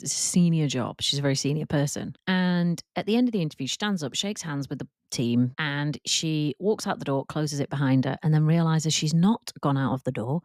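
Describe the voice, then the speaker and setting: A woman hosting a casual solo podcast, telling embarrassing work stories and acting out quotes in a higher voice, laughing at herself. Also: no echo, clean studio sound. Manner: animated, acts out quotes in a higher voice. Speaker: podcast host and work confidence coach.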